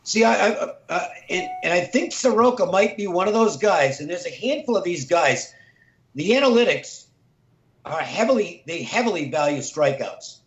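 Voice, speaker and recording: A man's voice: sits high, animated, moderate pace, echoey room, muffled recording. A man, a sports handicapper, talking through betting picks in a conversational, analytical way.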